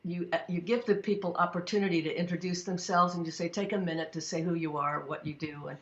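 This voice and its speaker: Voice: medium pitch, fairly even intonation, fast talker. Moderator with a dull, roomy sound. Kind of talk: moderating a discussion.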